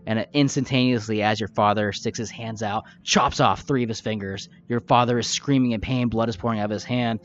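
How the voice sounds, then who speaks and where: A man's voice: lowish voice, steady tone, brisk, hardly any pauses. A man narrating a tabletop game backstory as game master in a loose, casual storytelling manner. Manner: casual storytelling with fillers, laughs at own jokes. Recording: dull lo-fi audio with faint music.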